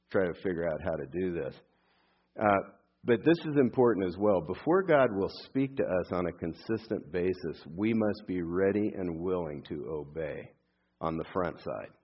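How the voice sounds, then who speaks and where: A man's voice: sits low, lo-fi sound. An older man, a pastor, giving a conversational sermon with frequent fillers and friendly asides.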